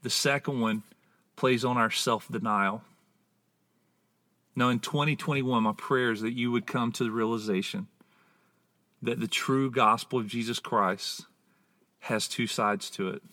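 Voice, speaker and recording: Slow, bright-voiced male preacher. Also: mid-range voice, fairly even intonation. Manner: deliberate, emphatic, drawn-out words for stress. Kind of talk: spoken sermon teaching.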